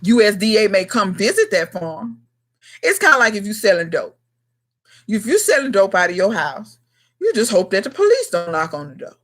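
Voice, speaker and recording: Casual livestream host, woman, 30s, mid-pitched, blunt and slangy, speaks straight to viewers. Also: very animated, normal speed. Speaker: gardening channel host.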